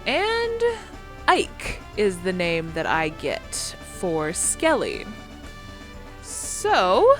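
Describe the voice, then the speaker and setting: A woman's voice: on the low side, wildly swooping pitch, extremely slow, music in the background. A woman giving casual, rambling commentary as she plays through a video game. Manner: chatty, rambling, lots of fillers. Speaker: video game let's player.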